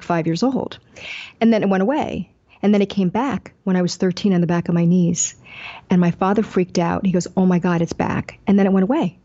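A woman's voice: mid-range voice, highs cut off. An older woman guest, an author, telling her life story candidly in an interview and acting out the people she quotes. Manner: animated, acts out quoted dialogue.

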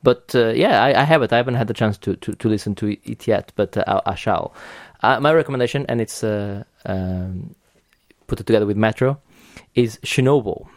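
A man's voice: on the low side, brisk, no echo, clean studio sound. A man hosting a podcast in casual chat, talking enthusiastically with many restarts and casual swearing. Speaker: podcast host.

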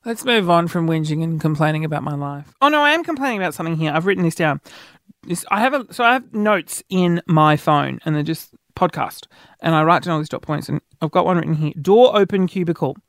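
A man's voice: fairly quick, no echo, clean studio sound. A man telling everyday stories in a casual, self-mocking monologue, acting out what people said. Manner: chatty, self-mocking, acts out quoted dialogue with pitch jumps.

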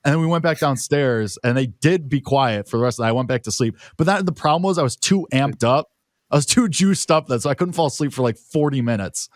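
A man's voice: medium pitch, expressive, fast talker, no room sound, clean studio sound. A man on a talk show telling a rambling personal story in casual chat, full of fillers.

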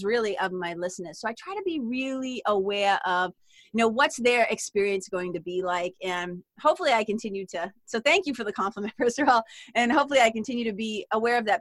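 A woman with a Boston accent, chatting as a podcast guest in a lively, rambling way with frequent laughs. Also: a little high, dry recording. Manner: chatty and animated, given to tangents and laughter. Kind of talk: casual interview chat.

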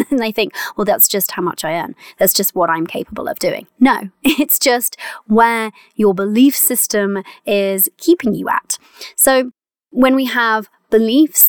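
A woman's voice: mid-range voice, clear, resonant tone, dry recording, clean studio sound. Chatty, encouraging woman podcast coach. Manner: chatty and encouraging, laughs often, calls listeners "my love". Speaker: money mindset coach and podcast host. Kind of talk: solo podcast coaching monologue.

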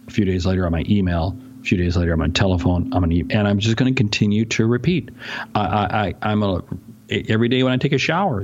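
A man speaking as a sales expert guest in a podcast interview, ranting in an animated way and often interrupting himself. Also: lowish voice, lo-fi sound, slight background noise.

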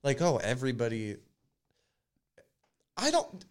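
Podcast co-host, man, mid-pitched voice, playful and teasing. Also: measured pace, clean tone. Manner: teasing, animated, says "dude" a lot. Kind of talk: casual chat.

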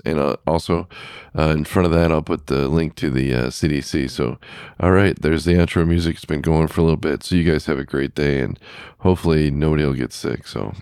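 Rumbling low and a little mellow, the man's clean-toned voice carries a loose podcast conversation full of fillers and false starts. It's a dry, clean studio recording.

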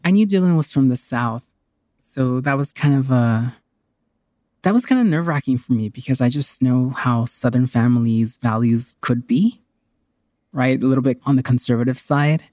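A woman's voice: rumbling low, normal speed, warm tone, dry recording, clean studio sound. Heartfelt woman telling her own story. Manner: candid, heartfelt, conversational. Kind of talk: personal storytelling.

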